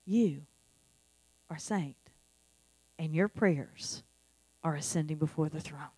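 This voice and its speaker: A middle-aged woman pastor preaches a sermon in an earnest, conversational way, returning again and again to repeated phrases. Her voice is low, slow, dark and husky. The recording is dry and close, with a faint mains hum underneath.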